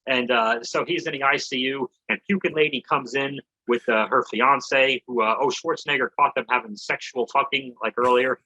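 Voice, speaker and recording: A man talks loosely on a comedy podcast, his voice bright but husky. He recaps a film in a rambling, joking style and throws in some swearing. The sound is dull and lo-fi. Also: mid-range voice, normal speed, hardly any pauses. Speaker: podcast co-host. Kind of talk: casual comedy podcast chat.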